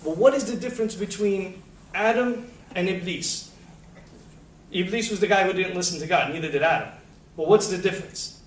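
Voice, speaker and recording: A man on a panel, telling religious stories to an audience in a lively, slangy way and acting out the quotes, recorded in a college lecture hall. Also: high voice, moderate pace. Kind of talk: casual religious storytelling to an audience. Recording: echoey hall, distant mic, faint hum.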